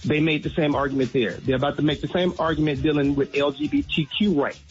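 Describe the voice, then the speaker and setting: A man calls in as a radio guest and speaks earnestly and emphatically as he lays out his points. His voice sits a little high. The line sounds dull and lo-fi, with faint music underneath. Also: expressive, fast talker. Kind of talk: casual radio commentary.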